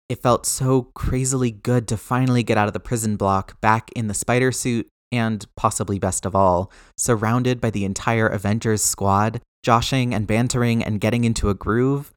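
A man narrating fiction aloud in a lively, expressive reading. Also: on the low side, moderate pace, few pauses, no room sound, studio quality.

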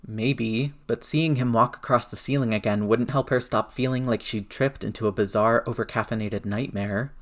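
A man narrating a story aloud in a steady, measured reading voice. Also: medium pitch.

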